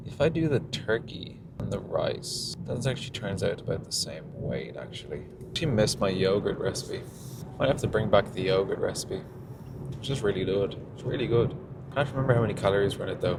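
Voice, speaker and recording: A man's voice: sits low, gravelly. A man, rambling aloud to the camera while he drives, often trailing off and restarting his thoughts. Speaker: vlogger. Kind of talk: rambling casual monologue while driving. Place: inside a car while driving. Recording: car road noise.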